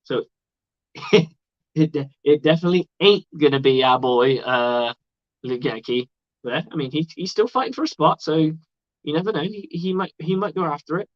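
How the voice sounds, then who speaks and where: A man's voice: on the high side, lively intonation, moderate pace, dry recording. Rambling, swearing male streamer, lo-fi. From outside the United States. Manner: rambling and chatty, swears freely. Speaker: livestream host. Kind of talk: casual live sports commentary. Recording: dull lo-fi dry sound.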